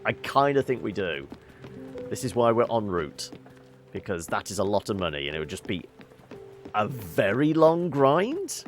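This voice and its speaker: A man's voice: lowish voice, big pitch swings, moderate pace, faint music behind. A man hosting a casual let's-play, thinking aloud about game puzzles as he plays. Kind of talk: casual gameplay commentary.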